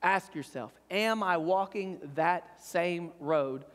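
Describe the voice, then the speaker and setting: A male pastor with a high voice preaches an earnest sermon, often asking his listeners "right?". His words ring out with a long reverb tail from a church hall. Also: takes it slowly, fairly bright tone. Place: church sanctuary.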